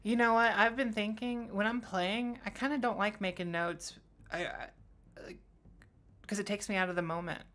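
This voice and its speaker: A woman running a tabletop game as game master, chatty and quick to explain. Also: mid-range voice, steady tone, a bit bright.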